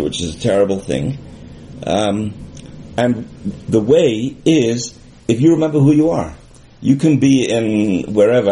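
Man, low mellow voice, thoughtful class teacher, faint hiss in the room. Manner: thoughtful, works through examples aloud. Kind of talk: religious class talk.

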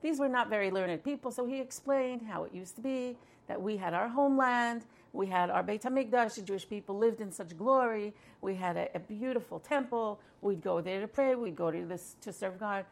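A woman's voice: mid-range voice, a little fast, creaky, few pauses. A woman telling a story in a conversational way, with fillers and restarts. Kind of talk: storytelling talk.

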